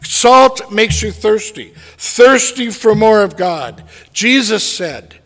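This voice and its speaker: A man preaching a sermon as a pastor, slow and deliberate with dramatic pauses. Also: high-pitched, expressive, fairly bright tone, in a large hall.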